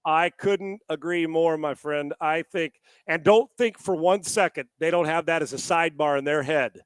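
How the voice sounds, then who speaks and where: A man co-hosting a casual sports talk show, animated and profane, often stammering and restarting his sentences. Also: on the high side, normal speed, smooth, no room sound. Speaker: sports analyst co-host.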